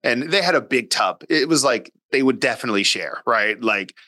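A man's voice: medium pitch, expressive, moderate pace, bright, forceful tone, no echo. A man guesting on a parenting podcast, talking casually and emphatically, acting out talks with his daughter, blunt and sometimes swearing. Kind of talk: casual interview talk.

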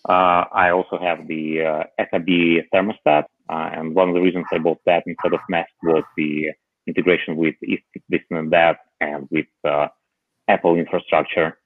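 A man on a podcast panel chatting casually about tech, halting often with filler pauses. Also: low voice, flat delivery, no room sound. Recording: tinny phone-like remote line.

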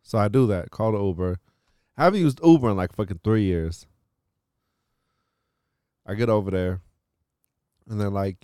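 Guy on a podcast ranting through a story, cusses a lot, smooth voice, dry close sound. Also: on the low side, moderate pace, pauses often, dry recording. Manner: profane, animated storytelling with frequent "like". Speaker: podcast host. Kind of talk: casual storytelling chat.

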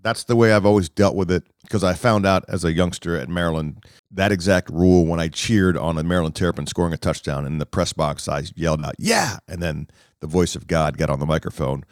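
Deep-voiced man telling lively stories. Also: brisk, dry recording, studio quality. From Washington, D.C., US. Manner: lively storyteller, acts out other people's lines. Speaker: guest, sports media figure. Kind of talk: animated anecdote telling.

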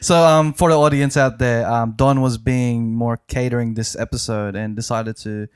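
A man's voice: mid-range voice, fairly even intonation, normal speed. A man co-hosting a podcast, joking around in an easygoing way. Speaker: podcast co-host. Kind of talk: casual podcast chat.

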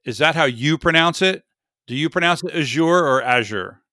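A man's voice: fairly high pitch, normal speed, bright, forceful tone, no echo, clean studio sound. A man hosting a casual tech podcast, chatty and rambling, often correcting himself mid-sentence. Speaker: podcast host.

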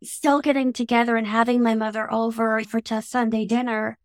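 Canadian woman interview guest, fairly high voice, measured, reflective, dry close recording. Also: flat delivery, no room sound. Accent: Canadian English.

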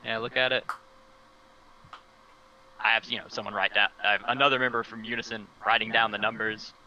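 Brief: man role-playing at the table, halting and stammery, piercingly bright tone, dull lo-fi audio. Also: little pitch movement, a little hiss or hum. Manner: hesitant, stammering, with sudden jumps in pitch. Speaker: player. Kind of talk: playing his character in a tabletop game.

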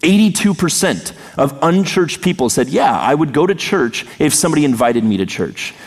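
A man preaching a sermon to his church, earnest and emphatic, slowing down and pausing on the words he quotes. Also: fairly high pitch, very animated, breathy edge. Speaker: pastor. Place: church sanctuary. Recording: long hall reverb.

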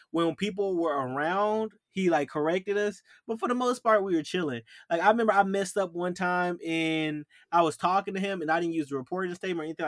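A young man co-hosting a casual chat, telling military stories in a slangy, animated way and acting out the voices of people who yelled at him. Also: a little high, no room sound, studio quality. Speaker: podcast co-host.

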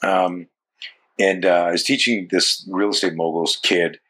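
Canadian guy in his 60s, deep husky voice, rambling chatty guest who restarts a lot. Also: fairly even intonation, measured pace, bright, forceful tone. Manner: rambling, self-interrupting, with casual swearing. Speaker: self-defense coach, guest. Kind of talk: casual interview chat.

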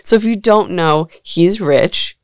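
A woman's voice: on the low side, slow pace, clear, resonant tone, no echo, studio quality. A woman hosting a podcast in casual chat, chatty and blunt, with a sarcastic edge and frequent laughter. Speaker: podcast host.

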